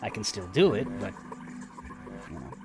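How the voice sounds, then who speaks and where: Casting: man playing a relaxed, wry vampire wanderer, low and easy, with music underneath. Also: normal speed. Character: ancient laid-back male vampire drifter.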